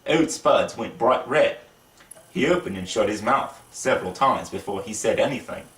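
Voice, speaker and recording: A man's voice: on the low side, normal speed, distant mic. A man reads a children's storybook aloud in a put-on British accent, his voice rising and falling with the story. He sits back from the mic in an echoey room. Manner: lively, voices the characters. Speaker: reader of a children's book.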